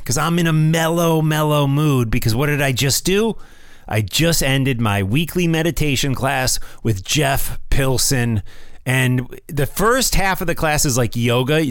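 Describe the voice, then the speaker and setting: A man's voice: medium pitch, fairly bright tone, no echo, studio quality. A middle-aged man from the United States hosting his own podcast, talking in a rambling, casual way with restarts, recorded at home. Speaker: podcast host. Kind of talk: casual solo podcast chat. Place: home room. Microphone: phone.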